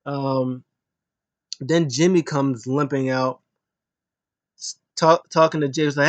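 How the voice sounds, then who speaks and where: A man talks through a show in a relaxed, off-the-cuff review. He retells events with animated energy, often stumbling and restarting mid-sentence. His voice sits at an ordinary middle pitch. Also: takes it slowly, long pauses, no room sound, highs cut off. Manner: animated retelling with acted quotes and many restarts. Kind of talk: casual spoken review.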